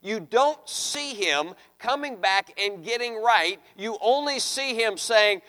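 Man preaching, fairly high voice, gets loud and pleading when he acts stuff out, long reverb hall sound. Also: animated, takes it slowly, hardly any pauses. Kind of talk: sermon with scripture reading.

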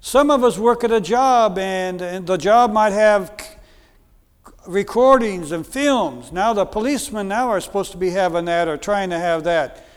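American guy preaching, kinda high voice, lots of uh's and repeats, church echo. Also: unhurried, smooth. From United States. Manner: earnest, repeats phrases, frequent fillers. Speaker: guest preacher. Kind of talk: sermon. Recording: long hall reverb.

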